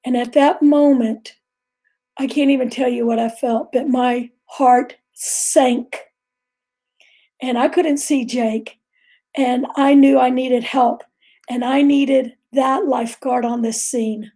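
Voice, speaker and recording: A woman's voice: sits high, fairly even intonation, takes it slowly, dark tone. A middle-aged woman earnestly telling a vivid personal story as a guest on a faith talk show.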